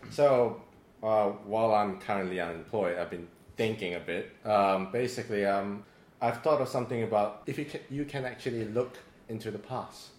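A man's voice: lowish voice, moderate pace, reverberant. A man explaining an idea on a casual podcast, hesitant with many ums.

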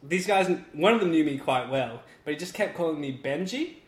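A man's voice: fairly high pitch, lively intonation, fairly quick. A young man telling a story in casual chat, laughing and swearing casually. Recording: echoey room.

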